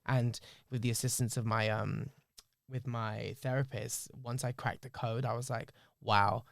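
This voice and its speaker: A man's voice: mid-range voice, flat delivery, normal speed, gravelly, dry recording, clean studio sound. A man, hosting a podcast and telling a personal story in an emotional, reflective, candid way, swearing freely. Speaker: podcast host.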